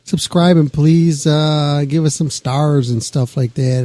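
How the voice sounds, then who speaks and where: A male podcast host with a very dark, mellow tone and a slightly high voice wraps up the episode. He rambles loosely and trails off mid-thought. The sound is dry and close. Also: steady tone, takes it slowly, dry recording. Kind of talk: casual show sign-off.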